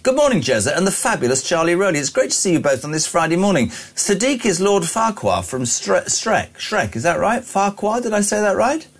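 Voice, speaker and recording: A man's voice: high-pitched, big pitch swings, fairly quick, few pauses, husky. A man hosting a phone-in talk radio show, reading out listener messages with indignant, jokey opinions.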